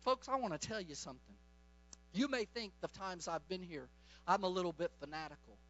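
A man's voice: high voice, expressive, a little fast, a bit bright, soft background music. A middle-aged man preaching a charismatic sermon, fervent and commanding as he tells stories. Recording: dull lo-fi recording.

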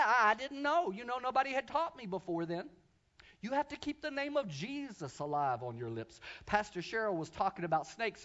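High-voiced preacher telling a story. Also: male voice, highs cut off. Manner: swings from quiet asides to loud preaching shouts. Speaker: pastor. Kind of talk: sermon storytelling.

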